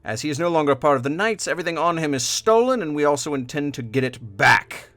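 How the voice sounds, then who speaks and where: A man voicing a gruff, bossy imperial knight who threatens and curses. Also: fairly high pitch, lively intonation, quick pace, a bit bright, no echo, soft background music. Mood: stern.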